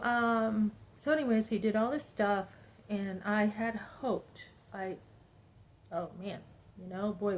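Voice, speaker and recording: A woman's voice: fairly low pitch, low-quality recording. A woman in her fifties talking to her viewers in a personal monologue. She sounds upset and speaks emphatically, rambling and acting out what other people said. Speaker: vlogger.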